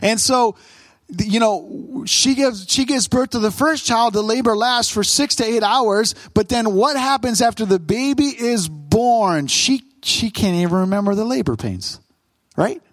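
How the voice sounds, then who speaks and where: A man's voice: high-pitched, measured pace, no echo. A man in his thirties preaching a sermon, conversational and humorous as he tells a family story. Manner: conversational, humorous storytelling with animated quoted voices. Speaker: pastor.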